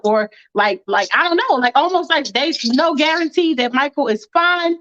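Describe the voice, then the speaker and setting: A woman chatting casually on a podcast, telling stories with lively acted-out reactions. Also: high-pitched, moderate pace, dry recording. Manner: animated storytelling, acts out her own reactions. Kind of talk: casual chat. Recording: muffled lo-fi audio.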